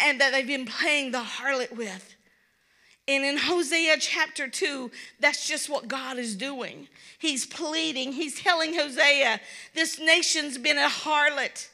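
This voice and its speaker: A woman's voice: high voice, pushed and bright. A woman from Kentucky with a Kentucky accent, preaching an earnest, pleading sermon and repeating words for emphasis.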